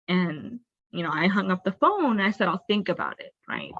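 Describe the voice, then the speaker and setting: Low-voiced young woman telling her story. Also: wildly swooping pitch, normal speed, a bit bright, slightly rough, lo-fi sound. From raised in a Bengali family. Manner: candid, earnest, uses many fillers like "like" and "you know". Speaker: podcast guest. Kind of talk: personal storytelling in a conversation.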